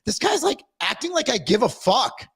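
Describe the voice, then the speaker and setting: A man ranting casually on a podcast livestream, profane and animated as he tells stories. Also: very high-pitched, moderate pace, breathy edge. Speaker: podcast co-host. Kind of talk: casual political rant.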